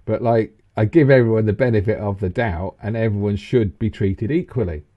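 A man in his fifties co-hosting a casual chat, rambling and animated. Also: a little fast, muffled recording. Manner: animated, rambling, breaks into high laughs. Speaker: co-host. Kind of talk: casual banter.

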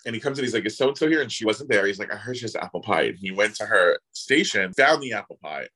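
A man's voice: on the low side, fast, breathy edge, rough recording. A man, an actor guest, telling anecdotes in casual chat and acting out the people he quotes. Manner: animated, voices others in quotes. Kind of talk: casual storytelling.

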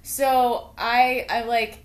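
A young adult woman co-hosting a podcast, telling a story in a lively, casual way and swearing freely. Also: fairly high pitch, drawn-out words. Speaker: podcast co-host. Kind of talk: casual chat. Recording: roomy echo.

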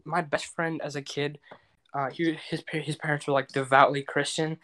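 A man's voice: fairly high pitch, flat delivery, normal speed, pushed and bright. Young male co-host, loose and rambling, casual podcast banter. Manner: rambling with many fillers. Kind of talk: casual chat.

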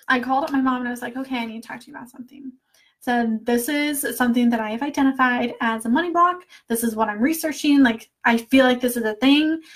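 A woman with a somewhat high voice, chatting casually and candidly with her viewers as a money mindset coach. She laughs easily and talks in a loose, friendly flow. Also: fairly bright tone. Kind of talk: casual live chat answering viewer comments.

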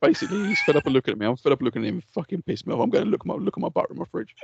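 A man's voice: a little high, very animated, rapid-fire, gravelly, darkish tone, breathy edge, no echo, muffled recording. A man co-hosting a podcast, swearing freely and ranting in heated, laughing banter. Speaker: podcast co-host. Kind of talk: casual chat.

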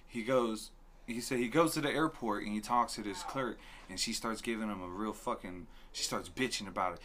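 A man chatting casually on a podcast, telling a story with lively acted-out dialogue and frequent laughs. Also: on the low side, brisk, slight background noise. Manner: animated storyteller, acts out dialogue, laughs often. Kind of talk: casual chat.

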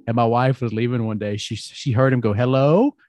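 A middle-aged man hosts a relaxed podcast conversation, rambling through anecdotes and laughing easily. His voice sits at an ordinary middle pitch. The sound is dry and close, with no room around it. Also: quick pace, dry recording. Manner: rambling, chatty storytelling with frequent laughs. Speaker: podcast host. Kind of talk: casual conversation.

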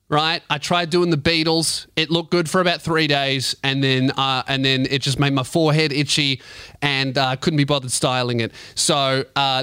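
An Australian man hosting a comedy podcast, loud and joking, teasing his co-host and swearing freely into a studio microphone. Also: fairly high pitch, clear, resonant tone, no room sound. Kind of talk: crude comedic podcast banter.

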